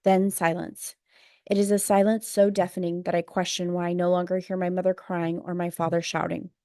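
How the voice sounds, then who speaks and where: A woman with a lowish voice reads a memoir aloud in a measured, subdued way. Her delivery stays flat with little melody. The sound is dry and close, with no room around it. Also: dry recording. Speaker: audiobook narrator. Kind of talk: memoir audiobook narration.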